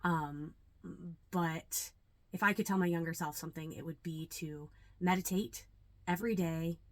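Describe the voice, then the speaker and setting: A young adult woman, a yoga teacher, talking earnestly and reflectively to camera, with many ums and pauses. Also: deep voice, fairly even intonation, dry recording. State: a little nervous. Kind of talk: casual talk to camera.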